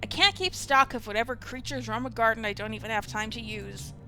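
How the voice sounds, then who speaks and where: A woman's voice: a little high, brisk, pushed and bright, soft background music. A woman voicing a blunt, scowling caretaker. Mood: curt. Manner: blunt, clipped and irritable.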